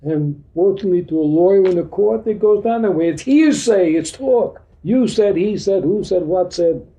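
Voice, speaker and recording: Male teacher, dark mellow tone, blunt slangy delivery, pitched a bit high. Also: moderate pace. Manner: blunt streetwise slang, acts out dialogues. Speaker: spiritual teacher. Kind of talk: informal teaching talk to a group. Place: meeting room.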